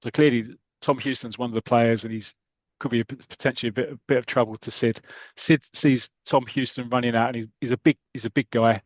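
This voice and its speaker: A man on a podcast retells a comic strip story in a relaxed, chatty way, stumbling and restarting as he goes. His voice sits at an ordinary middle pitch. The recording is close and dry, with no room sound. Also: fast, no echo. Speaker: podcast co-host.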